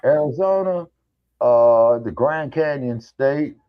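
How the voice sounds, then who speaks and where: A man's voice: mid-range voice, animated, slow, smooth, no room sound. Male co-host, folksy storyteller who curses a lot and plays every part in his own yarns; the audio comes through dull and dry. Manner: folksy storyteller, swears freely, acts out dialogue. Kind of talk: casual chat on an online talk show.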